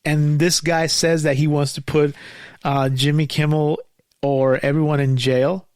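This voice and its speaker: Male host, fairly high voice, heated profane rant, dry close recording. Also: flat delivery, measured pace, darkish tone, smooth, dry recording. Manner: angry, profane, rambling with many restarts and fillers. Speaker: podcast host. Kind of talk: casual ranting monologue.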